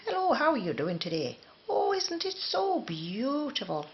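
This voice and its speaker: A woman's voice: high voice, wildly swooping pitch, normal speed, slight background noise, voice pushed up, exaggerated voice. A woman putting on an exaggerated Irish accent, voicing a cheerful greeter in a sing-song way. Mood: cheery. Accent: put-on Irish. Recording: slightly dull lo-fi recording.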